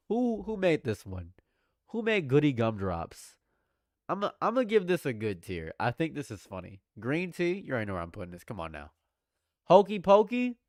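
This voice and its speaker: A young man doing live reaction commentary, jumping between loud exclamations and low repeated mutters while bantering with his chat. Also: big pitch swings, normal speed, pauses often, dry recording, studio quality. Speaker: livestream commentator.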